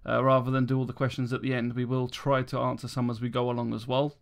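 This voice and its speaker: A man's voice: mid-range voice, little pitch movement, fast talker, vocal fry, smooth. A British man hosting a casual podcast, making announcements in a laid-back way with plenty of ums and chuckles. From Britain. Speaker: podcast host.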